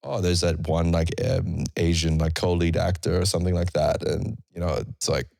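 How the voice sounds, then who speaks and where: A man's voice: sits low, little pitch movement, moderate pace, creaky, darkish tone, dry recording, clean studio sound. A man co-hosting a podcast, chatting casually and rambling through his points. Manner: rambling, full of fillers and restarts. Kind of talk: casual chat.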